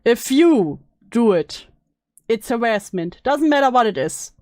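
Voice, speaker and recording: A woman streamer chatting casually and bluntly while reacting to videos, sarcastic and quick to swear. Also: a little high, sing-song, darkish tone, dry recording, studio quality. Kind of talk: casual live-stream chat.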